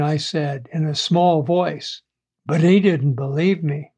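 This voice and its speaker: A man narrates a first-person story chapter in a measured, deliberate way. His voice sits high for a man, and he takes his time over every phrase. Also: darkish tone, slightly rough. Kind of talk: audiobook story reading.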